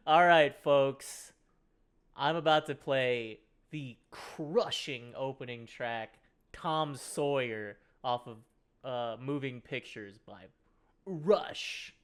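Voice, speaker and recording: A man's voice: medium pitch, lively intonation, extremely slow, long pauses, a bit bright, smooth. A young man co-hosting a music podcast, chatting casually with sarcastic jokes and swearing. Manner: joking, sarcastic, swears freely. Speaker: podcast co-host. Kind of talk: casual chat.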